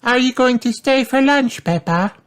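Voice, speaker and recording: A man's voice: moderate pace, a bit bright, clean tone. A man voicing a friendly little girl bear cub in a storybook reading. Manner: squeaky, singsong.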